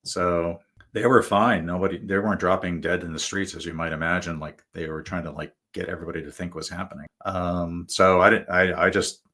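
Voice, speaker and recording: A man's voice: low voice, steady tone, fairly quick, pushed and bright. A male guest telling stories in a casual, rambling way, full of fillers and restarts. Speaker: guest author. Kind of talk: casual storytelling.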